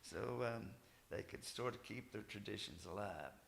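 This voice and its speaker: An older man, a folk musician, talking casually and haltingly at a music gathering, with many fillers and restarts. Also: fairly low pitch, expressive, creaky, a bit bright, a little hiss or hum. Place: music festival stage, roomy hall. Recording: roomy hall with instrument playing.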